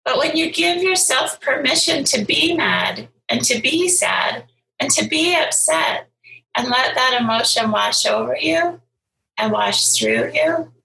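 A woman's voice: high voice, expressive, unhurried, vocal fry, bright, forceful tone, reverberant, poor audio. A middle-aged woman speaking as a guest, telling a story in an earnest, encouraging way. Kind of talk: heartfelt conversational storytelling.

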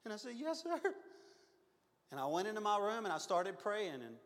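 A man in his fifties, a pastor telling a personal story in a sermon, earnest and confessional, swinging from loud to hushed. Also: high-pitched, big pitch swings, normal speed. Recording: long hall reverb.

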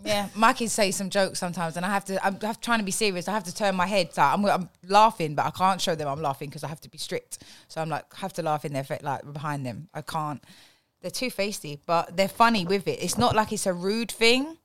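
A woman's voice: on the low side, fairly quick, dry recording. A woman who hosts a podcast and leads the discussion in casual chat. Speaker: podcast host.

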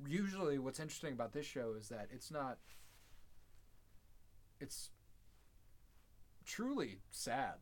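A man in casual podcast chat, retelling a TV episode with lively swearing. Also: mid-range voice, measured pace, long pauses. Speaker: podcast host.

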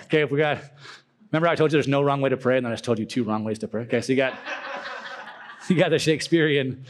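A young man giving a casual, joking talk to a youth group, acting out silly prayer voices. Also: on the high side.

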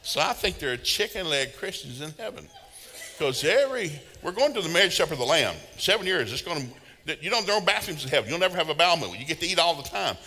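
A man's voice: a little high, very animated, quick pace, in a large hall, background noise. A man preaching a sermon in a folksy, humorous storytelling way, laughing along with his own stories.

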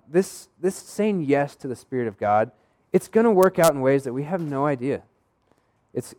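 A man's voice: on the high side, a little mellow. Man preaching in a conversational, storytelling way. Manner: conversational, acts out quoted dialogue. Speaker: pastor. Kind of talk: sermon storytelling.

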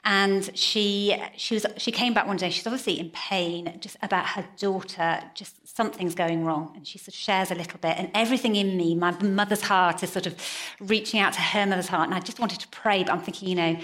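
A woman's voice: medium pitch, steady tone, a little fast, a bit bright. A woman preaching a sermon in a conversational way, telling stories. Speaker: pastor. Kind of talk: sermon with storytelling.

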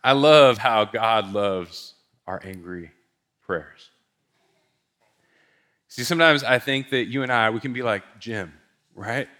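A man's voice: medium pitch, slow pace, long pauses, pushed and bright. A male pastor telling a story in a sermon, casual and conversational, with lots of filler words.

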